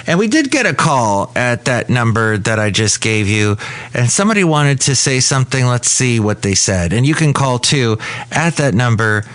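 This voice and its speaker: A man's voice: mid-range voice, very animated, moderate pace, fairly bright tone, dry recording. Man, podcast host, rambling, dry close sound. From California. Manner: rambling, self-correcting. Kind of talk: casual comedic podcast chat. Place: café.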